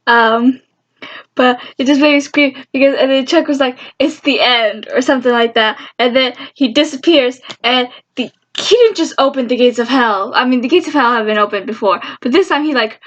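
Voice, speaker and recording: A young woman excitedly recapping a TV show in casual, rambling talk, getting emotional and squealing at moments. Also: sits high. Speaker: fan vlogger.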